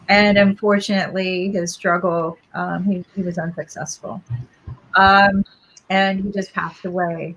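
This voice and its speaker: A woman's voice: medium pitch, a bit bright, rough recording. Middle-aged woman co-hosting a podcast. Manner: reflective storyteller, often checks in with "right?". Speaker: podcast co-host. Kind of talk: casual podcast talk.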